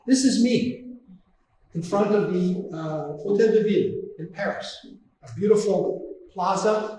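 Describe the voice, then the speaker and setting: A man from Canada delivers a fervent, indignant lecture, pressing his points through repetition. His fairly high voice rings around a very reverberant hall. He sounds distant from the mic, with a faint hiss underneath. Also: darkish tone. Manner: impassioned, indignant, emphatic repetition. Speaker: guest lecturer. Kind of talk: public lecture with slides. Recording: very echoey hall, voice from far off.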